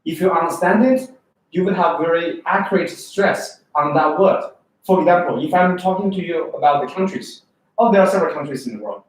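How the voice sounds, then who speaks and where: A man's voice: fairly high pitch, a little fast. A man teaching a test preparation class, explaining with spoken examples and stressing key words. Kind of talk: lecture. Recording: very echoey room, speaker far from mic.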